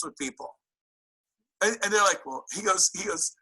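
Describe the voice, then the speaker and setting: Bright-voiced, animated male real estate coach. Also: sits high, normal speed, slightly rough, rough recording. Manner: animated, incredulous, acts out quotes. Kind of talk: motivational seminar talk.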